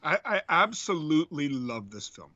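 A man's voice: on the high side, very animated, moderate pace, sharp tone, dry recording, dull audio. A man guesting on a film podcast, talking passionately and emphatically. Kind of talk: casual film chat.

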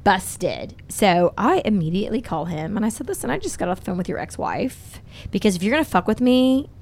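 A middle-aged woman hosting a podcast, telling a candid, profane dating story in animated casual chat. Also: mid-range voice, a little fast. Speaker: podcast host.

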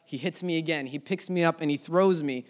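A young man preaching a sermon, telling a personal story earnestly, his voice dropping low and soft then rising loud. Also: brisk.

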